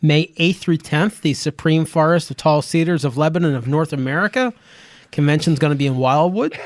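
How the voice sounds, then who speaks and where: Fairly high, dry-voiced man announcing events. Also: brisk, dry recording. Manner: announcing upcoming events, loose and joking. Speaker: podcast co-host. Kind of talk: casual chat. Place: small podcast studio.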